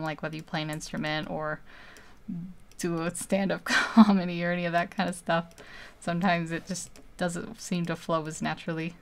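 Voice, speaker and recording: A woman chatting loosely on a live stream as she draws. Her voice is smooth and clear, her talk rambling and easygoing, often broken up by little laughs. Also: lowish voice. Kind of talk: casual live-stream chat.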